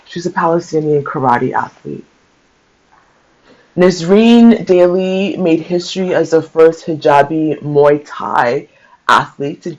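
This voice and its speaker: A man sharing a book aloud, mixing passages he reads with casual, emotional commentary of his own. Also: fairly high pitch. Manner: conversational, mixes reading aloud with emotional asides. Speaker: book-share host. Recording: dull lo-fi sound.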